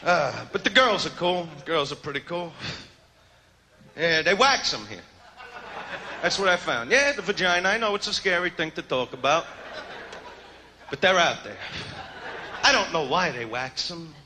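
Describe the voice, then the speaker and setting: A man doing a stand-up comedy routine, with a brash, swaggering and crude delivery and shouted punchlines. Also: on the high side, lively intonation, moderate pace, pauses often. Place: comedy stage before a live audience. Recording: live club show with loud crowd laughter. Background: crowd laughing and noise.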